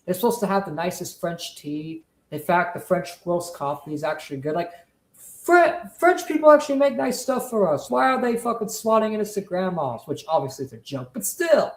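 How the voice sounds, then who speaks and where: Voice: mid-range voice, lively intonation, normal speed, roomy sound, low-quality recording. A streamer who rants in a profane, emphatic way, often repeating points. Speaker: commentary streamer. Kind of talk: heated casual rant.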